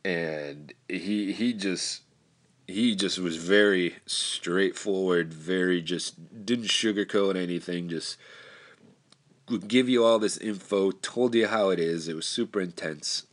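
Very deep-voiced man telling a story. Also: slow. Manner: rambling, candid, with frequent restarts and profanity. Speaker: storyteller recounting personal experience. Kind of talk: casual personal storytelling.

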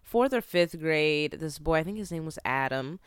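A woman's voice: sits low, animated, normal speed, clear, resonant tone, no room sound, clean studio sound. A young woman, a comedian, chatting playfully as a podcast guest. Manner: playful, joking. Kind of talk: casual interview chat.

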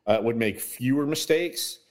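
A man's voice: mid-range voice, a little slow. A man who writes about sports, a guest on a podcast, breaking down football in casual chat with many hedges and restarts. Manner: hedging, many fillers and restarts.

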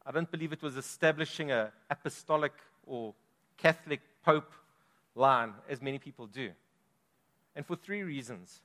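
A man's voice: medium pitch, normal speed, sharp tone. Male pastor, dynamic sermon delivery, big hall reverb. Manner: emphatic, dynamic preaching with strong swells in volume. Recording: long reverb of a large hall.

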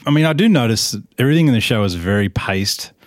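Musing man with a lively voice. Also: mid-range voice, fast talker, no echo, clean studio sound. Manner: musing, unsure, trails off. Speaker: podcast guest. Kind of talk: casual chat.

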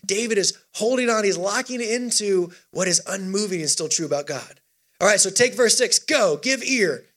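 High-voiced energetic man preaching. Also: moderate pace. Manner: energetic, exhorting, leads call-and-response scripture reading. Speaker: youth pastor. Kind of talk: sermon.

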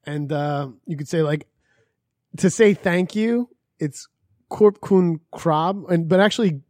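A man's voice: a little high, unhurried, a little mellow, no room sound, clean studio sound. A man telling travel stories in loose, crude casual chat, laughing and swearing as he goes. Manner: storytelling, laughs often, swears freely.

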